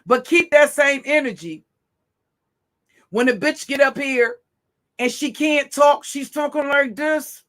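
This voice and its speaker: A woman livestreamer goes on a profane, mocking tirade against her chat, her voice high, bright, and cutting. She takes her time, speaking unhurriedly.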